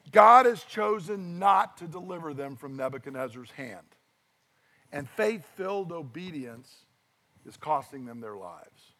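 A middle-aged pastor delivers a lively sermon. His voice sits fairly high for a man, and he tells the story with animated, acted-out voices. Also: long reverb tail.

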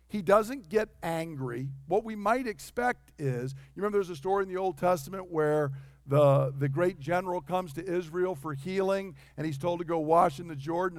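High-voiced animated male preacher. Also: dry recording. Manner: animated, acts out quotes in varied voices. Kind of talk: sermon.

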